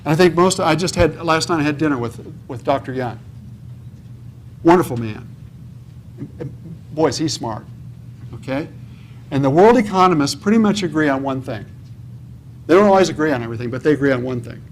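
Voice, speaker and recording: In a conference hall, a man preaches at a real estate conference as though leading a motivational seminar, answering his own questions to the audience and frequently saying "okay?". He sounds a little high and animated, talks a little fast with long pauses, and there's slight background noise.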